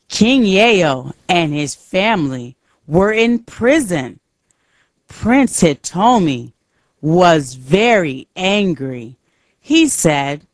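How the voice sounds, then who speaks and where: A woman narrating a simple storybook aloud, slow and clear for learners. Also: fairly low pitch, no echo.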